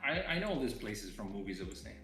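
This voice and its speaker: A man's voice: lowish voice, racing, music in the background. A man hosting a game development live stream, joking casually and reading out chat messages. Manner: relaxed, joking, reads chat aloud. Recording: roomy echo.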